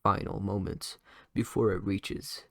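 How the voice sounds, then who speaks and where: Rambling young man with a gravelly voice. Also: on the low side, level tone, measured pace, fairly bright tone, no echo, studio quality. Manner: rambling, many fillers and restarts. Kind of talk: casual improvised story retelling.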